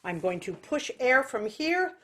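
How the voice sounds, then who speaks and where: A woman teaching an online singing class, explaining slowly between nasal, quacking vocal demonstrations over a video call. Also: high-pitched, big pitch swings, background noise. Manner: nasal quacking vocal exercises between slow spoken instructions.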